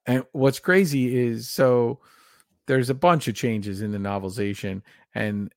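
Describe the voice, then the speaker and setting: Gravelly low-voiced male podcaster. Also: no room sound, clean studio sound. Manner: enthusiastic, rambling, reads passages aloud. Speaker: podcast co-host. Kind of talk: casual horror film discussion.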